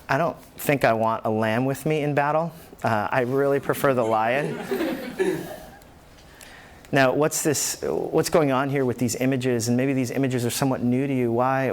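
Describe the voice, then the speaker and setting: A man preaching a sermon as pastor, animated, acting out the voices in the scripture he tells. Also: mid-range voice. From New York.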